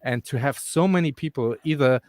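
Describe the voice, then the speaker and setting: A man's voice: medium pitch, brisk, a little mellow, no room sound. A man talking casually on a live stream, rambling through his thoughts with plenty of "um" and "like". His voice sits in a middle register and sounds dry and close to the mic, with no room around it. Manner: rambling, frequent fillers and restarts. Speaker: crypto stream co-host. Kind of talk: casual chat.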